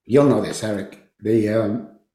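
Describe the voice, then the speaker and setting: A man's voice: lowish voice, measured pace, warm tone. A man, a guest telling an emotional recovery story with fervent, repetitive emphasis. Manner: emphatic, fervent, repeats phrases for force. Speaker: podcast guest, addiction recovery program founder. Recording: roomy echo.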